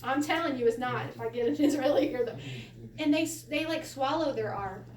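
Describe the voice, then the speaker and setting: A high-pitched woman runs a relaxed Hebrew class, chatty and quick to laugh. She is heard from a distance in an echoey room, with a faint hiss underneath. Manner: chatty, laughs often, animated storytelling. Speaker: Hebrew teacher. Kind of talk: casual classroom lesson.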